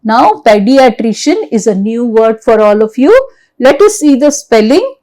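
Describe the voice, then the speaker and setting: A woman's voice: a little high, very animated, measured pace, warm tone, poor audio. A middle-aged woman with an Indian English accent teaching a grammar lesson, repeating each example and checking in with "okay?". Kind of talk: slide-based grammar lesson.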